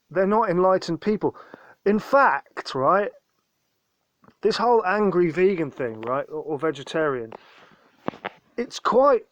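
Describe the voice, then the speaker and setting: A man's voice: on the high side, no room sound. A man hosting his own channel, ranting angrily in a profane, contemptuous commentary monologue. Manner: ranting, profane, repeatedly says mate; indignant and contemptuous. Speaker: channel host.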